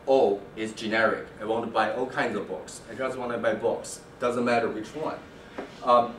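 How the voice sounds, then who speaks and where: A man giving an academic lecture on linguistics, halting often with fillers and restarts. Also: mid-range voice, a little hiss or hum. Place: lecture room. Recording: echoey room from far off.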